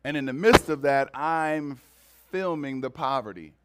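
A man's voice: medium pitch, unhurried, a bit bright, clear, resonant tone. A man preaching a sermon to his congregation, talking in a conversational way and repeating words for emphasis. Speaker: pastor.

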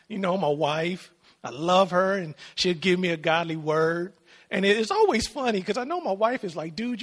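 A man's voice: high voice, fairly bright tone. A man preaching a sermon in a conversational way, often asking the congregation for responses.

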